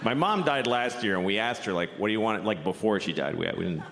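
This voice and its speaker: A middle-aged man doing a deadpan stand-up comedy set, now and then breaking into loud shouted bits. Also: lowish voice, fast talker, crowd noise. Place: comedy club stage before a laughing audience. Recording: roomy live club recording, noisy.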